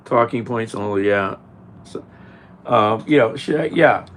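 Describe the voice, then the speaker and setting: A man's voice: on the low side, a little slow, pauses often, a little hiss or hum. A man vlogging, giving casual rambling commentary with a mocking edge and many fillers. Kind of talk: casual commentary while cooking.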